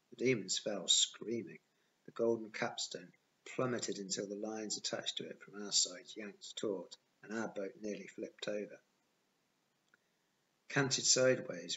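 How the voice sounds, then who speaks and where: Casting: a man reading a novel aloud, plain first-person narration, lower voice, dull lo-fi sound. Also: pushed and bright. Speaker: audiobook reader.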